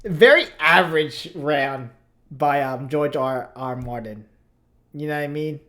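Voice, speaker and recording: A woman's voice: low-pitched, a little slow. A woman hosting a reaction video, giving laid-back, slangy commentary and laughing often. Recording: loud rap music playing behind. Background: hip hop music.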